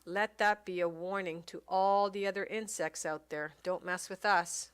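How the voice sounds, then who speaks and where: A woman giving casual gameplay commentary, reading game text aloud and thinking out loud with many pauses and fillers. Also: lowish voice, steady tone, clean tone. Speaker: let's play commentator.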